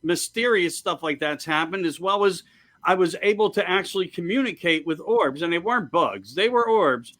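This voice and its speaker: A man's voice: high voice, expressive, moderate pace, fairly bright tone. A man hosting a show, chatting eagerly in loose, run-on sentences. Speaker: show host. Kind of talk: casual interview chat.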